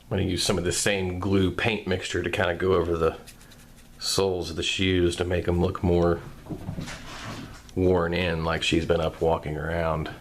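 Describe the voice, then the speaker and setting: A man with a very deep, low voice talks through a craft tutorial one step at a time. He is calm and soft-spoken throughout. Faint room noise hums behind him. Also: normal speed. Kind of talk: voice-over craft tutorial narration.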